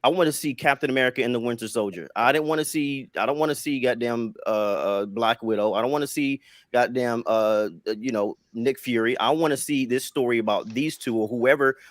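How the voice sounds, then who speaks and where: A man on a casual podcast panel, explaining his film rankings in a halting way, repeating words and leaning on fillers. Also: medium pitch, no room sound, studio quality.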